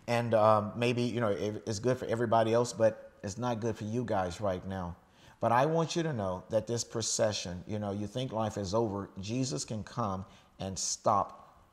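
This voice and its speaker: Low-voiced middle-aged male pastor preaching. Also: darkish tone. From United States. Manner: conversational preaching with frequent "okay?" check-ins and restarts. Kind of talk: sermon.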